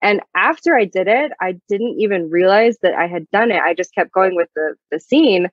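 A woman's voice: medium pitch, expressive, normal speed, no room sound. A young woman, a guest singer-songwriter, telling a story in a casual interview with a chatty manner and many fillers. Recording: dull lo-fi dry sound.

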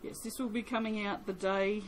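The Australian soap maker talks at a normal speed with fairly even intonation in a mid-range voice, rambling casually in her home workshop and making self-deprecating jokes. The audio is poor, with a little hiss or hum.

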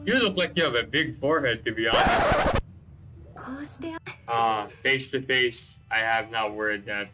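A man giving excitable let's-play commentary, swearing constantly and joking about the characters on screen. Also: mid-range voice, unhurried, long pauses, loud music behind the voice, poor audio. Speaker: gameplay commentator.

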